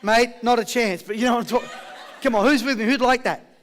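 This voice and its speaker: A man with an Australian accent giving a high-energy motivational seminar, rallying a live audience with questions and call-and-response. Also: quick pace. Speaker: motivational speaker.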